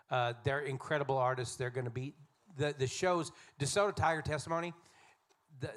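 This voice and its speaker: A man co-hosting a live music show, announcing upcoming concerts with halting restarts. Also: fairly high pitch, fairly bright tone. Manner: plugging shows, halting restarts. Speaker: co-host who books the patio acts. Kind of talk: casual stage announcements. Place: live music venue stage.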